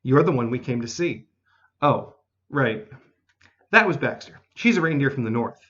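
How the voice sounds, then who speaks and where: A man voicing a small male elf with a slightly squeaky, sing-songy voice, talking in an earnest, urgent way in a storybook reading. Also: expressive, normal speed, a bit bright, dull audio, close to an everyday voice.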